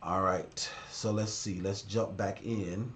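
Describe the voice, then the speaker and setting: A man's voice: sits low, steady tone, slow pace, a bit bright, a little hiss or hum. Blunt man hosting a live stream. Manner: talks straight to viewers, blunt and direct. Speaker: livestream host and business consultant. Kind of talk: casual live-stream chat.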